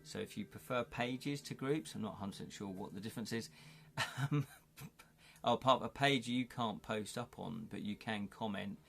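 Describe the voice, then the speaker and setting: A man's voice: lowish voice, moderate pace, gravelly, a bit bright. Middle-aged male host, live-stream banter, laughs a lot, casual. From United Kingdom. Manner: chatty, jokey, laughs often. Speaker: livestream host. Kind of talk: casual chat reading live comments.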